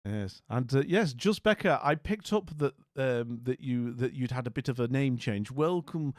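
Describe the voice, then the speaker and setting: A man's voice: mid-range voice, animated, moderate pace, a little mellow, no echo, studio quality. A man hosting a casual live chat, wry and rambling, often trailing off into mutters. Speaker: livestream host. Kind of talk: casual live chat reacting to house listings.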